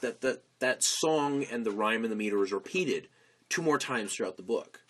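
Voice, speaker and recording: A man's voice: mid-range voice, expressive, moderate pace, a bit bright. A young man co-hosting a podcast, chatting casually and telling rambling, enthusiastic stories. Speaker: podcast co-host. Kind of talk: casual chat.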